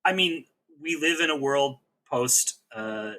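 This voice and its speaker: A man's voice: mid-range voice, slow. A man co-hosting a TV recap podcast, talking in a rambling, joking, casual way. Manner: animated, rambling, joking asides. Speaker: podcast co-host.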